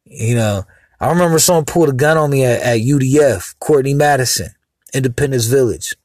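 A man talks in a loose, rambling monologue, getting heated and throwing in crude asides. His voice sits at an ordinary middle pitch. The sound is dry and close, with no room around it. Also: brisk, a little mellow, no room sound. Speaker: podcast host. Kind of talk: casual monologue.

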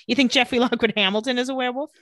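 A woman's voice: on the high side, racing, dry recording. A young woman co-hosting a podcast, casually recapping a TV episode and lightly acting out the characters' lines. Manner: animated, giggly, acts out quotes lightly. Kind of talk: casual chat, retelling scenes.

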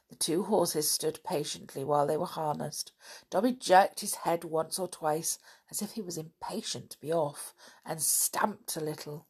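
A woman reading a children's book aloud, then chatting in a gently enthusiastic way to her listeners. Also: low voice, moderate pace, husky. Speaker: storybook reader.

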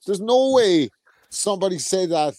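A man on a podcast, telling boxing stories in an animated, sweary way. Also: high-pitched, moderate pace, dry recording, studio quality. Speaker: podcast co-host. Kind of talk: casual boxing chat.

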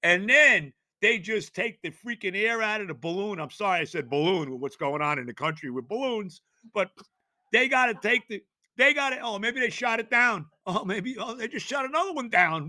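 An exasperated man rants through a sports talk segment, tripping over his words and now and then erupting into shouts. His voice is high and piercingly bright, with big swings in pitch. It sounds close and dry, with no room echo. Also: moderate pace. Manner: exasperated, ranting, stammering restarts, bursts of shouting.

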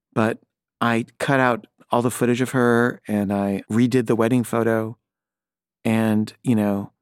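A man's voice: fairly low pitch, a little mellow, dry recording, studio quality. A middle-aged man, a filmmaker, telling a personal story in a hesitant, wry, rambling way with many fillers and restarts.

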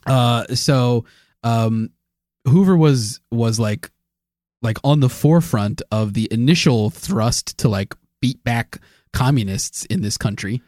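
A man co-hosting a casual podcast, explaining history with many halting fillers and frequent laughs. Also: mid-range voice, darkish tone, no echo, studio quality. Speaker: podcast co-host presenting the history research.

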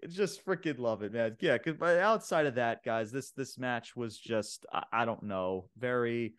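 A man co-hosting a wrestling podcast, recapping the show in casual chat, excitable and full of fillers and laughs. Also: medium pitch, a little slow. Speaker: podcast co-host reviewing wrestling.

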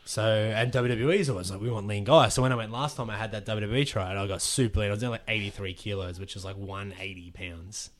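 A man, a pro wrestler telling a story on a casual podcast, animated and swearing freely as he acts out the quotes. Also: on the low side, quick pace, hardly any pauses.

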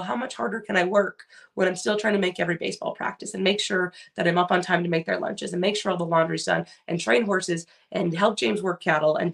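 A woman's voice: mid-range voice, creaky, fairly bright tone. A middle-aged woman from California co-hosting a podcast, chatting casually and rambling with lots of fillers and restarts. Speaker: podcast co-host. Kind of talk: casual chat.

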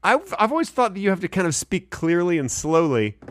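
A man co-hosting a podcast in casual chat, teasing and joking with quick playful asides. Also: high voice, big pitch swings. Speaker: podcast co-host.

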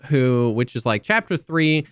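A man co-hosting a podcast, talking in a relaxed, rambling way with lots of restarts and fillers. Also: mid-range voice, measured pace, clean tone, dry recording, studio quality. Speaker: podcast co-host. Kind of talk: casual chat.

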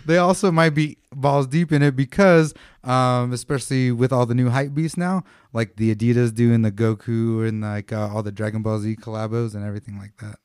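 A man's voice: medium pitch, steady tone, brisk, hardly any pauses, darkish tone, smooth, dry recording, studio quality. A man co-hosting a podcast, rambling loosely with lots of fillers and laughs. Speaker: podcast co-host. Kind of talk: casual chat.

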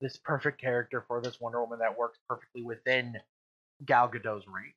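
Bright-voiced podcaster on a dull mic. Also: mid-range voice, fairly even intonation, husky. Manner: quick opinions, mimics voices for jokes. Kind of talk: casual podcast chat.

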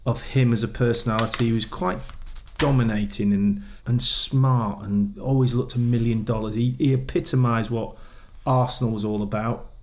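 A man, a former footballer, chatting casually and telling animated stories, often laughing as he acts out what people said. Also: mid-range voice, moderate pace, hardly any pauses, a little hiss or hum. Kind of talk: casual chat.

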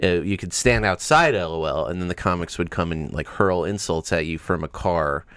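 A man's voice: low-pitched, expressive, normal speed, a bit bright, clean tone, no room sound, studio quality. A man doing casual comedy podcast banter, hesitant, with lots of fillers and restarts.

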